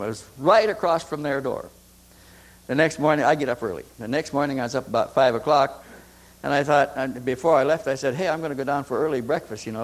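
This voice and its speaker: A man's voice: medium pitch, rough recording. An older man telling a long story in an interview, rambling with restarts and acting out the dialogue. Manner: acts out quoted dialogue.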